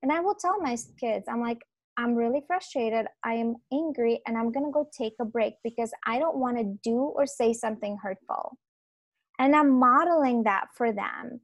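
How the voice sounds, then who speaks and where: A woman in her thirties, a parenting coach for mothers, speaking earnestly in a podcast interview and softly repeating calming phrases. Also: fairly high pitch, moderate pace, no room sound. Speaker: guest, parenting coach for moms.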